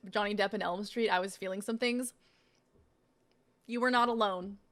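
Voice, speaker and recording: A woman's voice: medium pitch, fairly even intonation, normal speed, a bit bright. A young woman streaming, chatting casually and swearing a lot while she tastes snacks. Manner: chatty, swearing, laughing, talking while eating. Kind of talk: casual unboxing stream chat.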